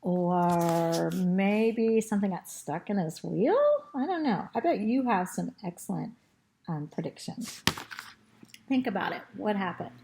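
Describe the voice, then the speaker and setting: A woman with a throat tickle reading a storybook aloud to children, pausing to point at pictures and ask them questions. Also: medium pitch, animated, gravelly, warm tone, a little hiss or hum.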